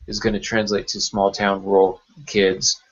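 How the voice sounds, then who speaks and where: A man's voice: on the low side, completely flat delivery, normal speed. A man who writes novels, co-hosting a casual podcast chat, hesitant with many fillers and restarts, over muffled call audio.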